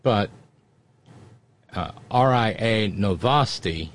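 A man's voice: on the low side, animated, slow. A man hosting a live talk show. He reads listener comments and jokes wryly between them, with fillers and asides. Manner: wry and joking, with fillers and asides. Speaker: radio talk show host.

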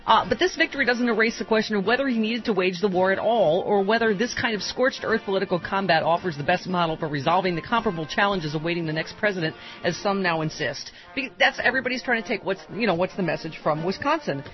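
A woman's voice: mid-range voice, muffled recording, soft background music. A woman hosting a talk radio show, playful and teasing, bantering with a caller and reading an article aloud. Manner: playful, teasing, quick laughs.

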